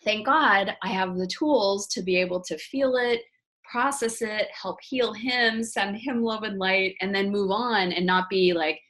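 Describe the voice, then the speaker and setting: A woman in her forties hosting an interview, telling a personal story in an animated way and acting out the voices of the people in it. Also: medium pitch, measured pace. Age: 40s. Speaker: host. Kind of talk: casual interview chat.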